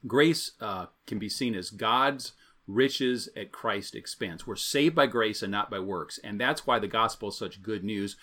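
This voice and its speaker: A man's voice: lowish voice, unhurried, bright, forceful tone. A man, a pastor, preaching an evening sermon in a conversational, storytelling way, repeating his key phrases.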